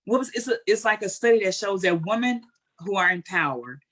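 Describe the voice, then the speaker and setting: A guest speaker with a mid-range voice talks fairly quickly while answering an interview question. Her reply is heartfelt and candid, told in everyday language with lively stories.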